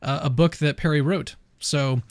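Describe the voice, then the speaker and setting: A talkative male host with a fairly high voice, speaking in a relaxed, upbeat manner and often restarting his sentences. The sound is close and dry, with no room around it. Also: normal speed, no room sound. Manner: chatty, upbeat, with many restarts. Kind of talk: casual chat.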